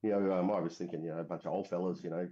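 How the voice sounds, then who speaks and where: A man's voice: low-pitched, fairly even intonation, racing, warm tone. An Australian man from Western Australia, a middle-aged military veteran telling his story in a casual, rambling way with many fillers and restarts. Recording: dull lo-fi recording.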